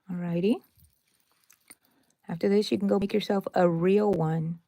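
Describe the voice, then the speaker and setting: A woman's voice: mid-range voice, steady tone, moderate pace, pauses often, mellow, dry recording, muffled recording. A woman hosting a casual crochet tutorial, chatty and playful, who talks viewers through each step with little asides and exclamations.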